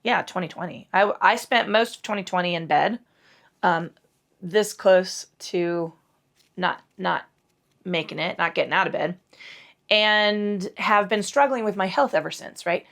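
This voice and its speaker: A woman's voice: fairly low pitch, a little slow, vocal fry, a bit bright. A middle-aged woman teaching a casual yoga class, rambling, swearing freely and joking at her own expense. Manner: rambling, profane and self-deprecating. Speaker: yoga instructor. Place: indoors at home.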